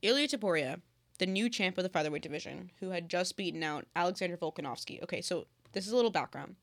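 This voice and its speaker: A young woman in casual sports chat, rambling quickly with lots of filler words. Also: on the low side, lively intonation. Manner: rambling, fast, heavy "like" filler.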